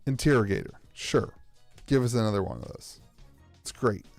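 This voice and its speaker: A man's voice: lowish voice, sing-song, normal speed, creaky, faint music behind. Sarcastic self-mocking American man. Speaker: streamer opening trading card packs. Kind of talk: live-stream card opening banter.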